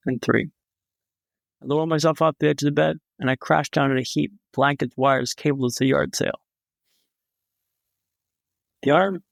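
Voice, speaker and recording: A man's voice: on the high side, creaky, no echo. A young man, a podcast guest, telling a story in a vivid, dramatic way with wry humor. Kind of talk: storytelling in a conversation.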